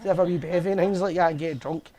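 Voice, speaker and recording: A man's voice: high-pitched, fairly even intonation, fast talker, mellow. A Scottish man hosting a fan live show, chatting in a casual, jokey, bantering way. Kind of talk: casual chat.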